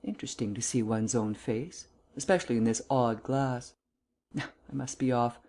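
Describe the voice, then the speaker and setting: A narrator doing a mild young English gentleman. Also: medium pitch, steady tone, moderate pace, natural voice. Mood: musing. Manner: wry, musing, polite.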